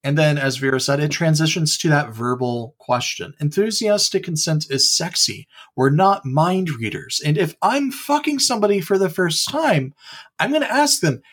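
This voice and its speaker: A man chatting casually on a podcast, animated and blunt with jokey emphasis. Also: fairly high pitch, moderate pace, breathy edge. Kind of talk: casual discussion.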